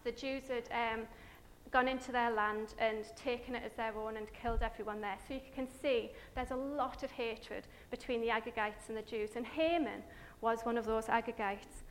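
A woman giving a chatty, animated Bible story talk with slides, full of fillers and asides to her listeners. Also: fairly high pitch, normal speed, slight background noise.

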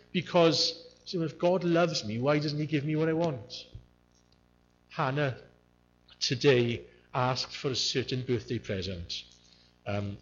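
A man preaching a sermon in an earnest way, repeating key words to stress them. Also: medium pitch. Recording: muffled lo-fi recording.

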